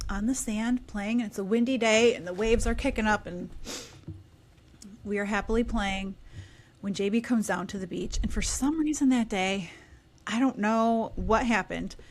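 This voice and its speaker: A woman in her thirties, a podcast guest, telling a story animatedly in casual conversation and dropping into quieter asides. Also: mid-range voice.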